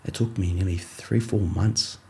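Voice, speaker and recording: Deep-voiced Australian footballer telling his story. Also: steady tone, measured pace, creaky, mellow, a little hiss or hum. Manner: rambling, many fillers and restarts, acts out his coach in quotes. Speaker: rugby league player, podcast guest. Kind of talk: casual storytelling interview.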